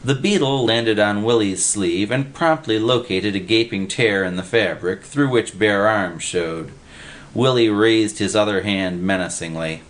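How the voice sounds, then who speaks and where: A man narrating an audiobook story in a steady storytelling voice. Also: fairly low pitch, a little slow.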